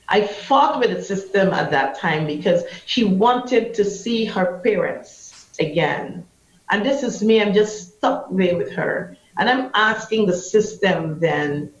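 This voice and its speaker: A woman with a Guyanese accent recounts her experiences with fierce, vivid passion, slipping into the voices of the people she quotes. Her voice has a gravelly, creaky texture. The recording sounds roomy and a little muffled. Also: on the low side. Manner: impassioned, vivid storyteller acting out quotes. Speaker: anti-trafficking activist. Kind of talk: emotional personal storytelling interview.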